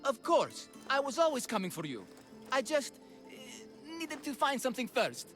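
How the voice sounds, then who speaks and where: A man's voice: very high-pitched, very animated, measured pace, fairly bright tone, exaggerated voice. An actor playing a bumbling, cheerful father in a Minotaur costume in a video game, with an eager, theatrical manner. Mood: warm. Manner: theatrical, eager, boastful roaring. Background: game music.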